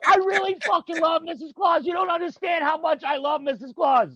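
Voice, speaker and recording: A man's voice: very high-pitched, fairly even intonation, brisk, a bit bright, no echo. A man voicing a foul-mouthed, angry male Christmas elf who rants and swears at a comedy roast. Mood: ranting. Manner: gruff, swearing, ranting. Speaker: roast guest. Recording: dull lo-fi audio with background noise.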